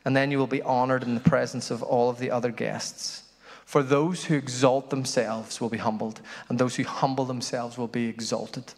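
A man preaching a sermon as pastor, telling stories in an animated way that swings from loud to hushed. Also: mid-range voice, normal speed. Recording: long hall reverb.

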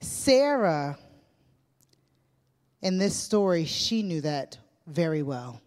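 A woman's voice: sits low, sing-song, slow, darkish tone. A woman preaching a conversational sermon to a church, telling stories with casual fillers. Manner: chatty storytelling with casual fillers. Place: church hall. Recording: long church hall reverb.

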